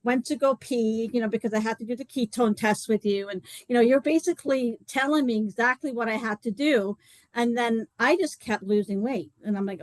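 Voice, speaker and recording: A woman talks in a chatty, rambling way and fills her story with "like" and "you know." Her voice sits a little high and sounds dry and close, with almost no room around it. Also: brisk, no room sound, poor audio. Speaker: co-host presenting a detox program. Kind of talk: live online talk, personal story.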